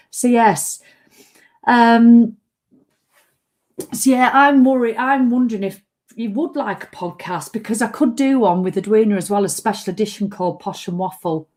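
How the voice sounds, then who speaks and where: A middle-aged fitness vlogger rambles through a chatty live video, mocking herself and breaking into sung jingles while she has the hiccups. Her voice sits on the high side, a little mellow, at normal speed.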